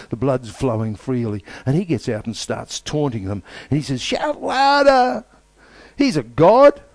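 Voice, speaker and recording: A man preaching a sermon with emphatic, repetitive phrasing and dramatic pauses. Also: lowish voice, warm tone, dry recording.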